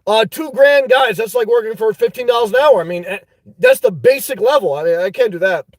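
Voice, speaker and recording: A middle-aged man from the United States hosting a casual livestream, rambling and joking, breaking into shouts. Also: sits high, brisk, dry recording, poor audio. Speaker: livestream host.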